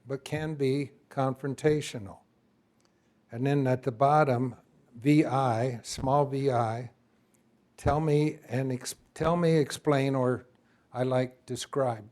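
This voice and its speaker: Lively man lecturing a class. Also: medium pitch, takes it slowly. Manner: lively, talks to the class and asks for input. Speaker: instructor.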